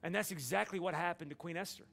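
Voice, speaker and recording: A man's voice: sits high, quick pace, vocal fry, fairly bright tone. A man from Alabama, preaching a sermon in a folksy, humorous storytelling way. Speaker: pastor.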